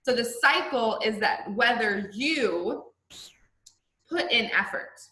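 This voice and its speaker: A woman's voice: on the high side, expressive, slow, bright, forceful tone, reverberant, low-quality recording. A woman, a college instructor, giving a recorded online lecture in a conversational way, often checking in with her students. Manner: conversational, checks in with "right?" and "okay?". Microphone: video call.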